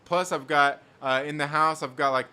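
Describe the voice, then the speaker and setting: Casual male streamer reading chat; higher-than-average voice, repeats lines, quick to laugh. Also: fairly even intonation, sharp tone, clear, resonant tone. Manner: rambling, repeats himself, laughs often. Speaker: host reading live chat.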